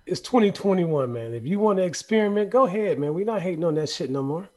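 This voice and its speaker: A man's voice: sits high, lively intonation, quick pace, a little mellow, dry recording. A man co-hosting a podcast, teasing and joking with the others. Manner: teasing, playful. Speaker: podcast co-host. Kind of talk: casual podcast banter.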